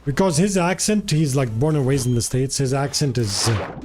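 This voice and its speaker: A man talks to his viewers during a live game stream, relaxed and chatty. His voice is mellow and warm. He greets people by name in a friendly way. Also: medium pitch, moderate pace, slight background noise. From Jordan. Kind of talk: casual live-stream chat.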